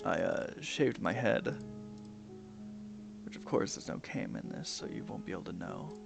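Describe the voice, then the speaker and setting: Young male streamer, low and gravelly, casual mumbled chat over piano music, drops into whispers. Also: very animated, moderate pace. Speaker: gaming streamer. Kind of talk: casual commentary while playing a game. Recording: music playing behind the voice.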